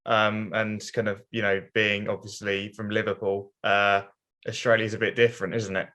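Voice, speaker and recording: A man's voice: on the low side, little pitch movement, moderate pace, sharp tone. A man interviewing a guest, asking long, hedged questions with fillers.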